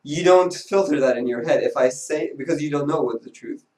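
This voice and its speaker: A man in a casual group discussion, explaining his point with examples in a measured way. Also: on the high side, a little mellow. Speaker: discussion participant. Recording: roomy, slightly distant mic.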